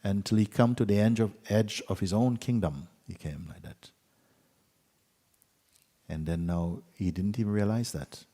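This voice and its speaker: A man with a very low, husky voice tells a story gently and without hurry. His lines often fade to near-quiet endings. He speaks in a retreat hall with a long, lingering reverb. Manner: gentle, unhurried storytelling with soft trailing endings. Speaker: spiritual teacher.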